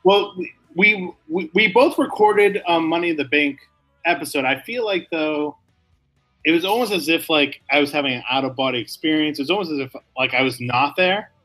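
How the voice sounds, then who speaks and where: Bright-voiced man, mock-serious. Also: fairly high pitch, fairly quick, soft background music, poor audio. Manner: mock-serious, rambling apologies. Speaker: podcast co-host. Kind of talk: casual comedic chat.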